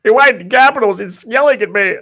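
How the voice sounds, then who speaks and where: A man putting on a shrill, whiny valley-girl woman's voice in a high falsetto to mock her. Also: fairly quick, sharp tone, full character voice.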